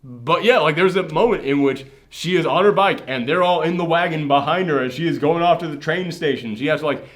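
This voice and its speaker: Animated man retelling a movie. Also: fairly high pitch, brisk. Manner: animated retelling, acting out quoted lines. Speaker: podcast host. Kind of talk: casual movie reaction chat.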